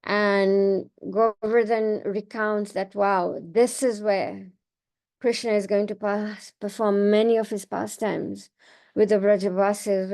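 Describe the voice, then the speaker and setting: A woman leading a scripture reading class, retelling a sacred story in a relaxed, conversational way. She often pauses on fillers and restarts her sentences. Her voice sits at a middle pitch for a woman. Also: creaky. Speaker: class speaker.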